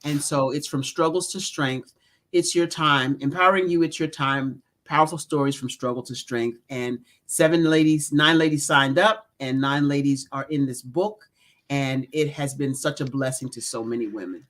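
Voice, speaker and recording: A middle-aged woman, an executive coach and author, speaking as an interview guest in an earnest, measured way. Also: very deep voice. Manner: earnest, measured, lists things.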